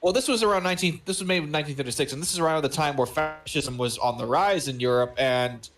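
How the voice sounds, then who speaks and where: A man's voice: a little high, quick pace. A man co-hosting a movie watch-along, rambling and joking as he searches for words. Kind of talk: casual chat.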